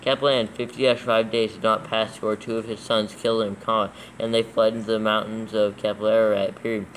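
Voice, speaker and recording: A man's voice: on the low side, level tone, fast, a bit bright, slight background noise, rough recording. A man reading scripture aloud for proofreading, calling out capitals and punctuation marks as he goes. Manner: reads steadily, spelling out capitals and punctuation. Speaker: reader dictating scripture for proofreading. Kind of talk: dictating text aloud with punctuation.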